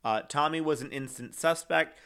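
A man's voice: on the high side, normal speed, bright, forceful tone, smooth. A young man telling a true-crime story in casual chat, rambling with many fillers and reading quotes aloud. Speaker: co-host.

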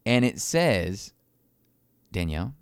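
A man's voice: on the low side, very animated, slow pace, clear, resonant tone, no echo, studio quality. A man co-hosting a podcast, teasing his friends with crude jokes and frequent laughter. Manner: laughs often, swears freely, teasing. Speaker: podcast co-host. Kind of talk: crude casual banter.

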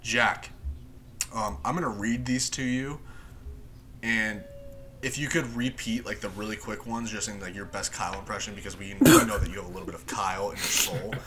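Podcast host, male; bright, eager, laughs a lot, lowish voice. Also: normal speed, slight background noise. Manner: excited, laughing, quoting lines. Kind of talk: casual chat.

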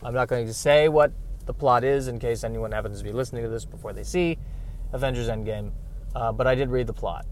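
A man hosting a solo comedy podcast from his car, wry and self-deprecating, breaking into loud exasperated rants. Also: mid-range voice, brisk, slight background noise. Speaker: podcast host. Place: in a car while driving and parking.

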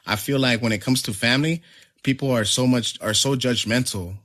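A man's voice: medium pitch, fairly quick. A man telling a story in casual chat, swearing freely and acting out what others said. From family from Nicaragua. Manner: animated, profane, acts out quotes.

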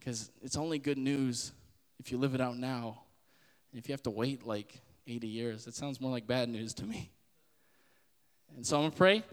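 A man's voice: medium pitch, moderate pace, big-room sound. A man in his twenties giving a casual spoken sermon as a podcast host, earnest and conversational. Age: 20s. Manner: earnest and conversational, with frequent laughs and fillers.

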